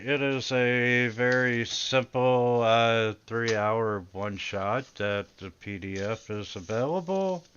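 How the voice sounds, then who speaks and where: Slow-talking male game master with a smooth voice, muffled voice-chat sound, relaxed and halting. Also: medium pitch. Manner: relaxed and hesitant, many filler pauses. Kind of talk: casual game session intro.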